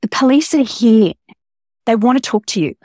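A woman reading aloud as a worried woman who keeps her frightened sister calm on the phone, urgent but steadying. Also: a little high, normal speed, dry recording, clean studio sound, pitched above the performer's own voice.

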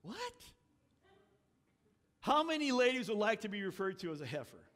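A man with a high voice preaches in a storytelling way, acting out the quoted characters and dropping dry asides. His voice rings with the long reverb of a big hall. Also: big pitch swings, fast talker, fairly bright tone. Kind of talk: sermon.

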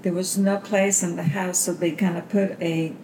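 A woman's voice: on the low side, little pitch movement, normal speed, a little mellow, slight background noise. An older woman from Bulgaria telling her family's story in an interview, rambling with many fillers and restarts. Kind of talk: personal storytelling. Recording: roomy interview recording.

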